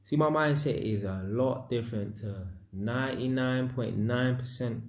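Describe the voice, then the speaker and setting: A man's voice: medium pitch, a little slow, a little mellow, reverberant. A man vlogging, telling a personal story in casual slang and acting out sound effects. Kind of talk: storytelling monologue.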